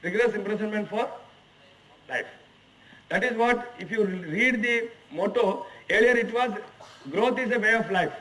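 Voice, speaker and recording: This guest lecturer, an Indian English-accented HR executive in his forties, addresses management students in an institute lecture hall and hammers them with emphatic rhetorical questions. He speaks high and sharp at a moderate pace, captured poorly by a distant mic.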